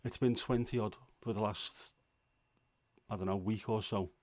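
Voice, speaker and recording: A man's voice: fairly low pitch, steady tone, moderate pace, darkish tone, dry recording. A middle-aged man hosting a livestream from home, chatting casually in a grumbling, self-deprecating way. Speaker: livestream host. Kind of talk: casual chat.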